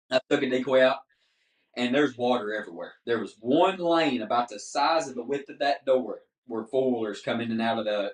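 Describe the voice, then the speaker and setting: A man, a podcast guest telling a story in casual chat and acting out the dialogue. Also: mid-range voice. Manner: animated storyteller, acts out dialogue. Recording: roomy, mic at a distance.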